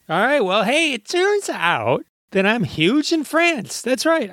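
A man's voice: fairly high pitch, a bit bright, smooth, no room sound. Jokey male podcast host, dry close sound. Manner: jokey, mock-hype, playful. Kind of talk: comic monologue.

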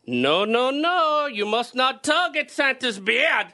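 A man's voice: very high voice, expressive, slow, noisy background, exaggerated voice. A man putting on a bossy German-accented Santa Claus in a radio comedy sketch, clipped and commanding. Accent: German (put on). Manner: clipped, commanding, laughing through lines.

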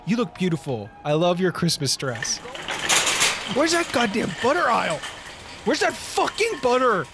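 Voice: mid-range voice, wildly swooping pitch, moderate pace. Frantic, rambling comic voice over music. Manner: rambling, repetitive, frantic, swears a lot. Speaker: comedic character monologue performer. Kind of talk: improvised comedic monologue.

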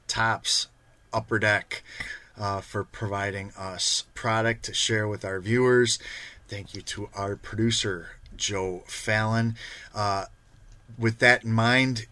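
A man's voice: on the low side, pushed and bright, no echo. A man co-hosting a live sports card show, thanking sponsors and plugging upcoming boxes in a casual, upbeat way. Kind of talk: casual live-stream chat.

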